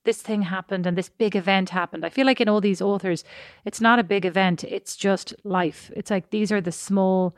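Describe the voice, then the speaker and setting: A woman, co-hosting a podcast and telling rambling, expressive stories in casual chat. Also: medium pitch, normal speed, dry recording, clean studio sound. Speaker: podcast co-host.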